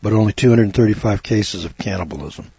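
A man preaching a fervent sermon, emphatic and given to repeating words, his voice climbing high when he gets worked up. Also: brisk, dark tone, slightly rough, no echo. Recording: dull, dry lo-fi recording.

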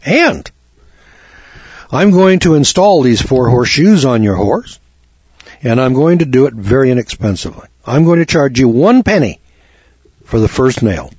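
A man voicing a sly, friendly farrier making a coaxing sales pitch to a boy, a little higher than his own voice. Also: sing-song, normal speed, pauses often, a little mellow, husky, dry recording, dull audio.

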